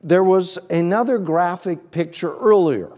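A man's voice: sits high, a little slow, a little mellow, big-room sound. A man preaching an expository sermon, working methodically through numbered points.

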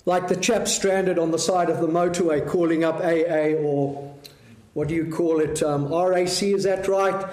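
A man preaching a sermon, measured and full of rhetorical questions to the congregation. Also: a little high, fairly even intonation, darkish tone, echoey room.

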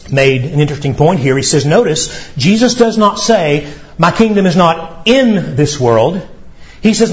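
A male pastor delivering a sermon, preaching emphatically with dramatic pauses. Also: a little high, a little mellow, dull audio.

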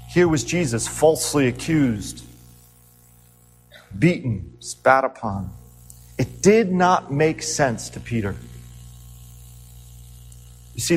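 A man preaching a sermon as a pastor, earnest and animated, asking his listeners rhetorical questions as he retells the story. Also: on the high side, big-room sound, low-quality recording.

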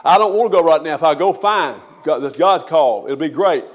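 Older man, high-voiced pastor; folksy funeral sermon with emphatic swells. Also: brisk.

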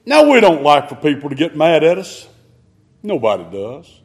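A man preaching a sermon in an emphatic, drawn-out manner. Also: huge pitch swings, husky. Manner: emphatic, drawn-out preaching with sudden rises in pitch.

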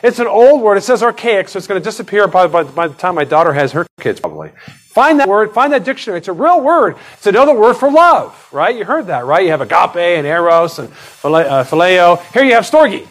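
This sermon comes from a middle-aged pastor who is very animated and brisk, wandering through asides and restarts in a loose, chatty way. His voice shoots up in pitch to stress points, captured on a rough recording.

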